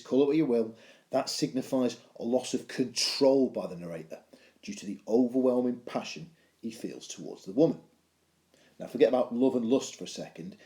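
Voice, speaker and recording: A man's voice: mid-range voice, dark tone, echoey room. A male teacher giving a video lesson on poetry analysis, explaining with playful, self-mocking humour.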